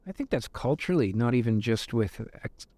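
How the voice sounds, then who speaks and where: A man's voice: mid-range voice, expressive, brisk, a little mellow, dry recording. A man co-hosting a podcast, asking thoughtful questions and searching for the right words. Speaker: podcast co-host. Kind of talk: casual interview questions.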